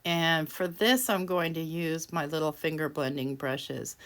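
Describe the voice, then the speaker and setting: A woman's voice: sits low, fairly even intonation, a little slow, a bit bright. A woman hosting a craft tutorial, chatting casually and self-deprecatingly while she works, laughing often. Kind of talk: casual craft demonstration voice-over.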